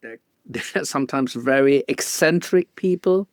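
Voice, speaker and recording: A man with a German accent, a guest photographer telling stories in a casual interview, halting and restarting often with small laughs. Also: mid-range voice, no room sound, clean studio sound.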